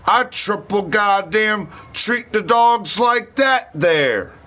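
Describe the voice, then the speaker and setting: A man's voice: sits high, lively intonation, takes it slowly, bright, forceful tone. A man livestreaming a rambling, profane rant in heavy slang.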